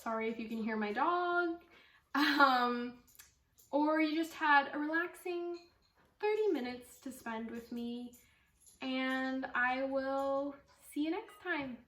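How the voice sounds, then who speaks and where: A woman's voice: high voice, takes it slowly, a bit bright, far from the mic. A young woman hosting a knitting podcast from home, chatting casually and gushing, with lots of fillers. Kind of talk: casual chat to camera. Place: at home with her dog. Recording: echoey room, voice off-mic.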